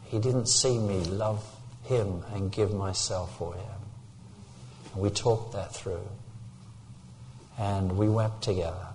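Older English preacher, fervent storytelling. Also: male voice, on the low side, slight background noise. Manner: storytelling, rising to loud fervent peaks. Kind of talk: sermon.

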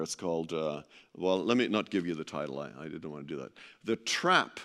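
A man with a low but fairly bright voice gives an informal talk to a live audience. He is chatty and joking, often stumbling and restarting while he hunts for the right words.

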